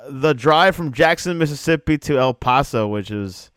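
Man interviewing with a smooth dry voice. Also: mid-range voice, animated, moderate pace, a bit bright, no echo. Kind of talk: interview questions. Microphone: video call.

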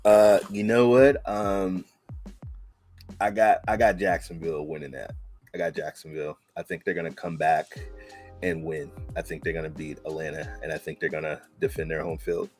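A man co-hosting a casual sports chat, talking excitably with many halting restarts. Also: low-pitched, soft background music. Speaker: podcast co-host.

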